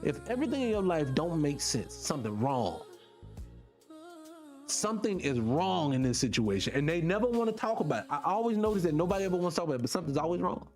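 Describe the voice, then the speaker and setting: Here's a man with a high, lively voice, swinging up and down constantly as he holds forth on his show. He talks straight to his audience in a loose, profane monologue, piling on rhetorical questions. Soft music plays faintly behind him. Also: fast talker. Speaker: podcast host. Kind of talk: casual monologue to viewers.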